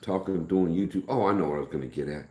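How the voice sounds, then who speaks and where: In an echoey room, a low-pitched middle-aged man talks quickly on a casual live stream. His folksy rambling includes greeting viewers by name, all in a softer voice than normal.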